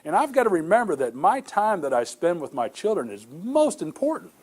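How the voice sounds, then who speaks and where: A man's voice: high voice, big pitch swings, a little fast, darkish tone. A middle-aged male pastor preaching a sermon, telling stories earnestly with many repeated restarts.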